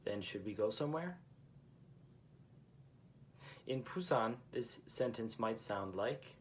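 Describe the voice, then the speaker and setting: A man's voice: lowish voice, expressive, takes it slowly, a little hiss or hum. A man teaching a language lesson who explains patiently and repeats each example phrase twice.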